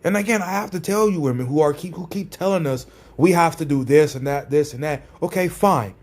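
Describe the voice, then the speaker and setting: Speaking a little fast in a fairly high voice, this man rants in his vlog. He's sarcastic and combative and keeps repeating phrases to drive his points home.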